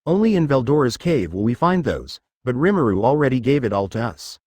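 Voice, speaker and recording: A man's voice: medium pitch, big pitch swings, fairly quick, a little mellow, no echo. Brief: easygoing young ogre prince, jovial, read by a man in his own voice, dry sound. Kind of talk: fan fiction reading.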